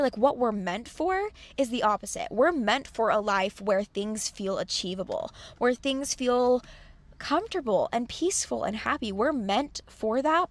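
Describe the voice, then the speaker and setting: A young woman in a casual, earnest motivational talk, acting out her own complaining thoughts. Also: fairly high pitch. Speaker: host of self-help channel.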